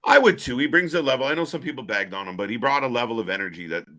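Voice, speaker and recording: A man's voice: medium pitch, very animated, rapid-fire, pushed and bright. A man co-hosting a casual live stream, blunt and profane, laughing often. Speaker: live show co-host.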